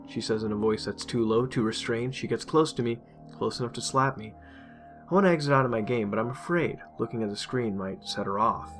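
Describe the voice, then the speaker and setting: Man telling a dark story. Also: medium pitch, a little fast. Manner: intense, emotional first-person telling. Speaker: narrator. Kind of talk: dramatic horror story reading. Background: faint music.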